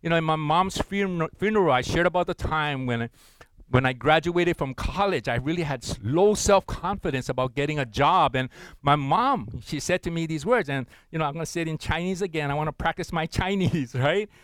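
Middle-aged male preacher, lively and playful, slightly high voice, dry close sound. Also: fairly quick, clean tone, no echo, low-quality recording. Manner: animated, playful, big swings between loud and hushed. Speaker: pastor. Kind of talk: sermon.

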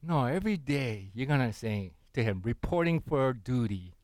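A middle-aged man preaching a sermon, animated and repetitive, often calling for responses from the congregation. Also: mid-range voice, moderate pace, no echo, studio quality.

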